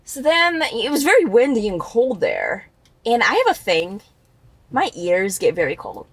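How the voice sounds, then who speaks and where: A woman's voice: a little high, huge pitch swings, a little slow, breathy edge, no echo. A young woman co-hosting a casual chat in a car, telling a story animatedly, laughing often and acting out what people said. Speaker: co-host.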